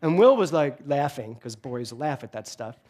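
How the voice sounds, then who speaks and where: In a church sanctuary before his congregation, a male minister preaches a sermon into a handheld microphone, telling funny stories with animated, joking energy. His voice is mid-range and his pace moderate.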